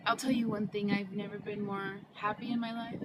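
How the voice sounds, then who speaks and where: A woman's voice: medium pitch, little pitch movement, brisk, rough recording. A young adult woman telling her personal story in a casual, heartfelt way, often saying "like". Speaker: interviewee. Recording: loud vehicle noise behind.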